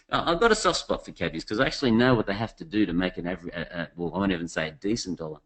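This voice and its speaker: A man's voice: sits low, expressive, very fast, few pauses, a bit bright, rough recording. A man presents a business webinar in a chatty, storytelling way. He speaks directly to his listeners as he goes.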